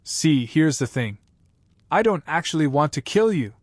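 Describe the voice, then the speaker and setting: A man's voice: a little high, sing-song, measured pace, dry recording, clean studio sound, pitched above the performer's own voice. A man voicing a sly, taunting outlaw. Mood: persuasive. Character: sly wounded outlaw man, grinning, calm.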